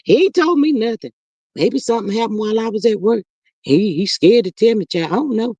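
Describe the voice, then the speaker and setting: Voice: mid-range voice, expressive, brisk, warm tone, slightly rough, dry recording. A performer voicing a defensive, folksy older mother who rambles and calls everyone honey, chatting in character on a livestream. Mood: protesting. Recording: slightly muffled dry livestream audio.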